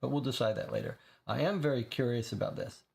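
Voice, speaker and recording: A man's voice: medium pitch, fast talker, gravelly, a little mellow, a little hiss or hum. A man reading a gamebook aloud to viewers and explaining his choices as he goes. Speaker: player and reader of a gamebook. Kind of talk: reading a game aloud with commentary.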